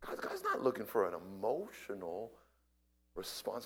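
A man preaching a sermon, swinging between hushed whispers and loud impassioned cries, often repeating his words. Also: fairly low pitch, huge pitch swings, measured pace, slightly rough.

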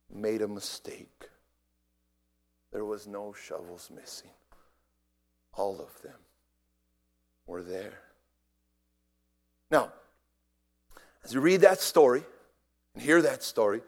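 A man with a high-pitched voice preaches a sermon, telling a story with big swings from shouting down to near whispers. He tends to repeat his words as he starts.

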